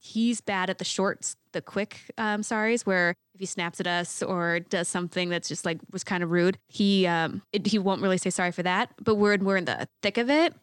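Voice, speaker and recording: A woman's voice: mid-range voice, normal speed, few pauses, smooth. A woman with a mid-range voice chats openly as a host, sharing personal stories easily. Her voice sounds dry and close, with no room echo. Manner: open, chatty, confessional. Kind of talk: casual chat.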